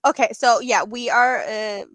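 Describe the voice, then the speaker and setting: Swedish woman, dry, fairly high voice. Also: steady tone, unhurried, fairly bright tone, no room sound. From Sweden. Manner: searches for words, restarts often, laughs easily. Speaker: guest crocheter. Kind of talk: casual livestream chat.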